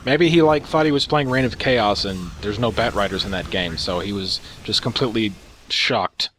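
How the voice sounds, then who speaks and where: A man's voice: fairly low pitch, normal speed, fairly bright tone, a little hiss or hum. A man commentating on game replays in a sarcastic, profane, amused way.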